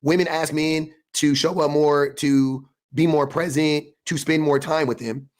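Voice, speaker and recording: A man's voice: fairly high pitch, steady tone, measured pace, darkish tone. A man talking earnestly in a casual clip, repeating himself as he works through a point. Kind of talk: casual talk on a played clip.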